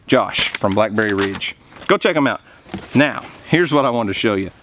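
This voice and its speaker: In a greenhouse, a homesteading channel host talks casually to the camera, chatting eagerly with food in his mouth. His voice sits on the low side at a moderate pace, and there's slight background noise.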